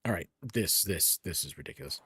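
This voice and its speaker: A man's voice: low-pitched, lively intonation, fairly quick, bright, forceful tone, husky. A man streaming a game, musing aloud in a rambling way and correcting himself as he goes. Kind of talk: casual gameplay streaming. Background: faint game music.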